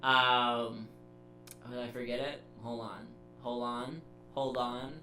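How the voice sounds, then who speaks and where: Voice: medium pitch, flat delivery, takes it slowly, pushed and bright. A playful host of a casual film review chat who jokes and laughs often. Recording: echoey room with music.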